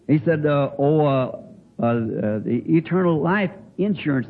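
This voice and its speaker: An older man preaching in a folksy way, telling a homespun story with halting restarts. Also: medium pitch. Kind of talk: folksy sermon anecdote. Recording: tinny phone-like old recording with faint hiss.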